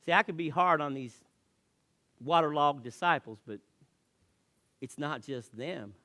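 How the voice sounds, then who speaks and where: At a measured pace and slightly high pitch, a pastor delivers his sermon in church, shifting between loud, emphatic lines and quiet ones and now and then repeating words as a thought begins.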